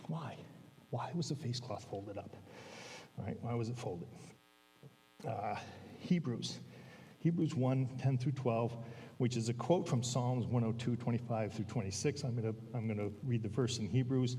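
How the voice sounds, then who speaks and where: A man's voice: medium pitch, moderate pace, warm tone, distant mic. A man preaching a sermon in a church, conversational, often checking in with "all right?". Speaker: guest preacher. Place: church sanctuary. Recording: long church hall reverb.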